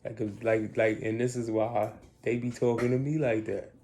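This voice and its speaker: A man's voice: mid-range voice, little pitch movement, moderate pace, a little mellow. A man in a casual, argumentative chat, talking in a laid-back slangy way and acting out what he would say. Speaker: host.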